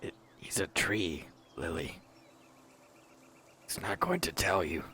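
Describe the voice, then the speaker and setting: A man playing a tabletop game, speaking hesitantly and politely with many pauses. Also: low-pitched, sing-song, bright, forceful tone, a little hiss or hum. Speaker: player. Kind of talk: casual tabletop play.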